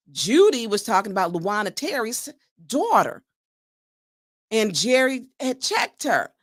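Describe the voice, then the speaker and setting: Animated woman host, lively pitch. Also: no echo, studio quality. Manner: animated, laughing, indignant. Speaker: show host. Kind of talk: commentary on a political clip.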